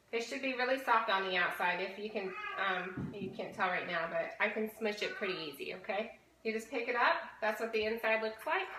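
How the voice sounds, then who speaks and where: A woman walks through a recipe in a casual, instructive way, often checking in with her viewers. Her voice is bright and forward. The room is echoey, with faint background noise. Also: medium pitch. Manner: chatty, instructive, frequent "okay?" check-ins. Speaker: fitness challenge host. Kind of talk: casual cooking demonstration.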